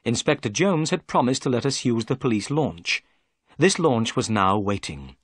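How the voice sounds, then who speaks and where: Expressive man reading a story aloud. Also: medium pitch, moderate pace, breathy edge, dry recording, studio quality. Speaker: narrator. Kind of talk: scripted storybook narration.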